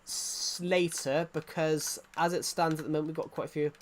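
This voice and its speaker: A man's voice: a little high, flat delivery, normal speed, slight background noise. A man chatting casually to viewers during a gaming live stream, rambling and joking as he plays.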